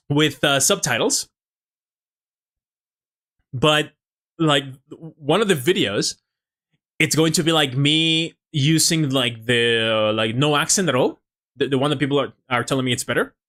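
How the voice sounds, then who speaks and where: Bright-voiced man. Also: fairly high pitch. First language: Spanish. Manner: chatty, restarts words often. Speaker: language-learning streamer. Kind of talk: casual live-stream chat.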